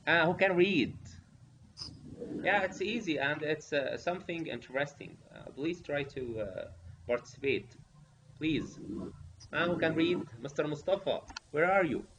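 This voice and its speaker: A man teaching pronunciation over a video call, slowly repeating prompts and coaxing participants to answer. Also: fairly high pitch, lively intonation. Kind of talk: online teacher training session. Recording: dull lo-fi audio with faint hiss.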